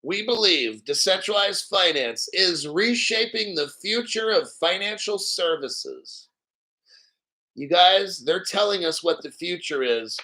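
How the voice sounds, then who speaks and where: A male crypto livestream host with a high, bright voice who talks in a hyped, profane rush. He stops often to clear his throat. His delivery is excitable and pushy. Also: measured pace, poor audio. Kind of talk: live-stream commentary.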